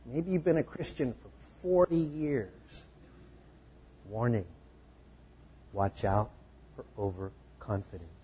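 A man preaching a sermon to a congregation, explaining scripture in a conversational, gently humorous way. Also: mid-range voice, slightly rough, highs cut off. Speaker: pastor. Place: room with a congregation.

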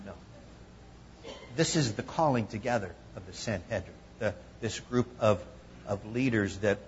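A man preaching a conversational sermon, teaching from scripture and acting out quoted voices with lively emphasis. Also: medium pitch, dull audio, slight background noise. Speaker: pastor.

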